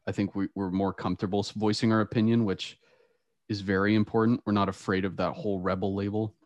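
Laid-back young man, low voice, dry sound. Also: fast, no room sound, dull audio. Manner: animated storytelling, laughs often. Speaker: podcast host. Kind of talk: casual chat.

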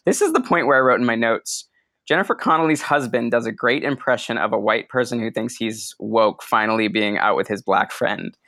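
A man chatting casually on a podcast about a film, talking in quick, profane bursts with laughs. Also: mid-range voice, bright, forceful tone, no echo. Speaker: podcast co-host. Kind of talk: casual film-discussion chat.

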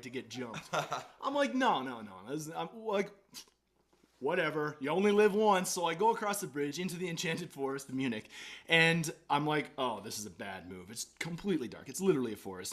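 Animated young man telling a story. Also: medium pitch. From Canada. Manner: animated, acts out his own past lines, frequent fillers and restarts, casual swearing. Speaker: podcast guest. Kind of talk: casual storytelling.

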